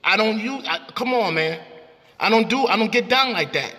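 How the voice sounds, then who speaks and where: Guy hosting a heated debate, bright tense voice, keeps saying bro, long reverb on it. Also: high-pitched, animated, moderate pace. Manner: insistent, repeats "bro" and "you see". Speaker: host.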